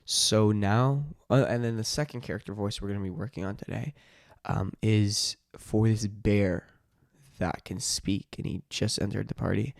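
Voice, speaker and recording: Low, gravelly man rambling casually. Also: fairly even intonation, moderate pace, dry recording, clean studio sound. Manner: rambling, full of "like" and restarts. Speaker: YouTuber and dungeon master. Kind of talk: casual vlog chat.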